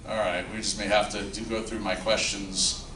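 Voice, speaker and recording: A man's voice: on the low side, flat delivery, normal speed. A man giving a live legal talk to an audience, joking and self-deprecating as he asks them questions. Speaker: legal counsel speaking at a luncheon. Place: luncheon function room. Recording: roomy, distant mic, background noise.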